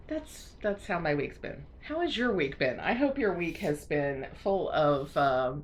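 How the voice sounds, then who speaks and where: A woman's voice: low voice, big pitch swings, slow, slight background noise. A woman from the United States chatting casually to camera, rambling with lots of fillers and restarts, laughing often and sounding congested. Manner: frequent self-conscious laughter. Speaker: crafting vlogger.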